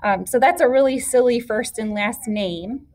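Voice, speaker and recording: A woman's voice: a little high, normal speed, darkish tone. A woman teacher patiently explaining a classroom activity step by step to young children. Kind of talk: classroom instruction video.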